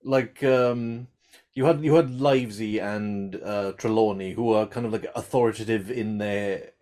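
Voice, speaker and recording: A man in a casual film chat, measured and hedging with fillers. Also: fairly low pitch, fairly even intonation, dark tone. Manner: measured, hedging with 'like' and 'kind of'.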